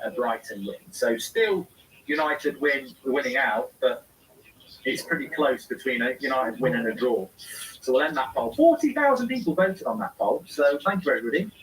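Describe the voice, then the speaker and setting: A man's voice: medium pitch, lively intonation, normal speed, fairly bright tone, slight background noise. Man, live watchalong host, reads chat comments aloud, casual, a little distant from the mic. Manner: reads viewer comments aloud and answers them.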